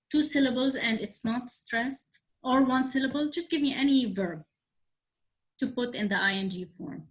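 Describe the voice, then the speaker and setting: A woman with a slightly high voice teaches an English grammar lesson over a video call. She moves patiently through the rules, spelling out letters one at a time and pausing to ask whether her students are following. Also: fairly bright tone. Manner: slow, spelled-out explanations with frequent check-ins. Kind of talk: online class teaching.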